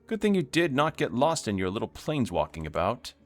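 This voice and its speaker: A man's voice: medium pitch, very animated, fairly quick, pitched above the performer's own voice, lightly acted. A man voicing a smug, scheming male city lord who speaks in a clipped, haughty, condescending way.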